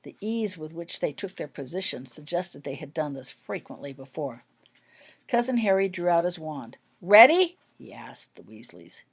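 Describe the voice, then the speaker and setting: A woman narrating her own fan fiction story in an even, expressive read-aloud manner. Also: sits low, normal speed, husky.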